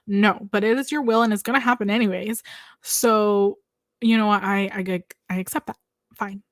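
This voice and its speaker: Recorded dry on a lavalier, this young adult woman speaks at normal speed in a mid-range voice. As a podcast guest sharing a personal story, she animatedly performs the voices of people she quotes and gestures as she talks.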